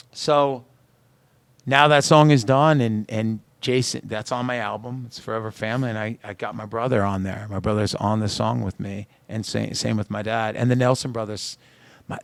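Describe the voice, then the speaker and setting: A male singer-songwriter with a creaky, medium-pitched voice tells personal stories as a guest in a radio studio interview. He's an animated storyteller who acts out the lines of the people involved, and the recording is dry.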